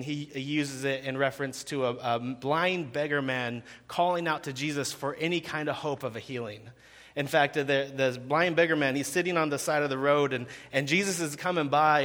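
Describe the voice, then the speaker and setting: A man's voice: on the high side, moderate pace, a bit bright. A man in seminary giving a conversational sermon with frequent fillers, in a reverberant hall. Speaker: seminary student preaching.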